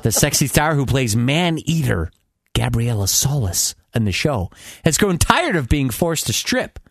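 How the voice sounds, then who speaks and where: A man's voice: mid-range voice, a little slow, creaky, dry recording, studio quality. A man hosting a talk radio show, reading celebrity news aloud and joking around with a co-host. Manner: animated, joking, laughs often.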